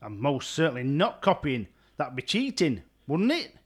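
A man's voice: on the high side, very animated, normal speed, breathy edge. A man playing a grumpy, sarcastic caller who keeps losing his temper with a help desk. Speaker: exasperated caller. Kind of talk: comic sketch acting.

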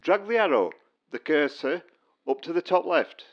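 A man's voice: fairly high pitch, big pitch swings, moderate pace. A help desk man, unfailingly polite yet dry and patronizing. His voice rises and falls a lot, and it sounds muffled, as if heard down a phone line. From Stocksbridge, England. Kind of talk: comic sketch acting.

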